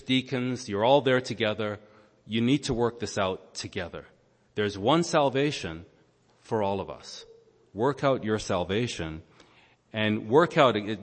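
A lower-pitched man delivers a sermon in a large hall, and his voice rings with a long echo. He preaches in a teacherly manner, pausing to unpack the grammar of a scripture passage. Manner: teacherly, explains Greek grammar, pauses on words. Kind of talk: sermon with Bible exposition. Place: church or large meeting hall.

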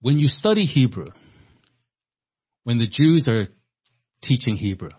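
A man's voice: mid-range voice, sing-song, unhurried, husky. A man preaching a sermon with emphatic rhetorical questions, often repeating words as he thinks. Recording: dull lo-fi sermon recording.

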